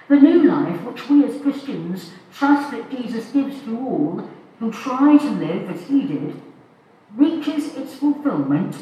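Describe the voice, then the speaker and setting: Slow-speaking woman preaching in an echoey church. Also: fairly high pitch, warm tone, slight background noise. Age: older. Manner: slow, measured, thoughtful delivery. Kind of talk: sermon. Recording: echoey church heard from a distance.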